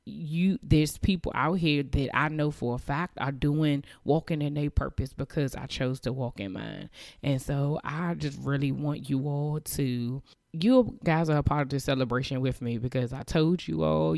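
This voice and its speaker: A woman's voice: a bass voice, gravelly, a little mellow, no room sound, studio quality. A woman in her thirties hosting a faith podcast, speaking earnestly and emotionally as she encourages her listeners. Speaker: podcast host. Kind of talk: motivational faith podcast monologue.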